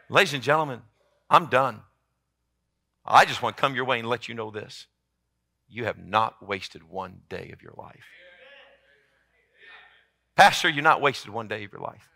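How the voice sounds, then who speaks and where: A man preaching a sermon as pastor, swinging from loud emphatic peaks down to low, quiet lines. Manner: impassioned, rising to loud emphatic peaks then dropping low.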